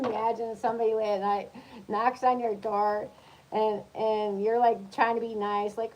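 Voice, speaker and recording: A woman's voice: fairly high pitch, little pitch movement, moderate pace, a little mellow, poor audio. A woman who is a tarot reader, giving a casual reading for zodiac signs in a chatty, coaching tone and checking in often with her listeners.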